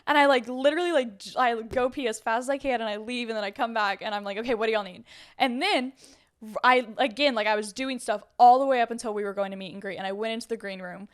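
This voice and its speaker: As a podcast co-host, a young woman chats casually through a story, sprinkling in many "like" fillers. She talks fast, with a fairly high-pitched, clean-toned voice.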